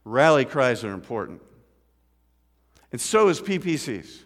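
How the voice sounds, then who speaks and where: A man's voice: medium pitch, big pitch swings, a little slow. A middle-aged man preaching a sermon as pastor, telling a story and asking the congregation questions. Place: church sanctuary. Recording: church hall with long reverb.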